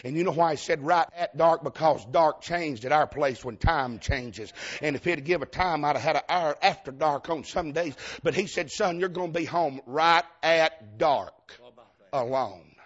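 A Southern-accented man preaches a fervent revival sermon, his voice pitched high with a husky edge. He repeats lines for emphasis and keeps calling out to the congregation. The church recording sounds dull and lo-fi. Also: moderate pace, hardly any pauses. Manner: fervent, repetitive, calls out to the congregation.

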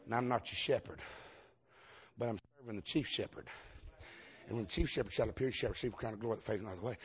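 A man's voice: lowish voice, quick pace, dull audio. A man with a Southern US accent preaching a fervent revival sermon in a church, repeating himself and calling out to the congregation. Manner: fervent, repetitive, calls out to the congregation.

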